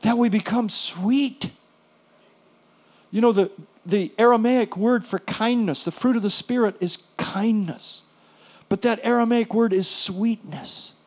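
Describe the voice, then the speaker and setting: A middle-aged male pastor preaching, his voice sitting a little higher than most men's. He tells stories in an animated way, dropping to hushed, soft lines and then rising into loud, emphatic bursts. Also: measured pace. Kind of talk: sermon.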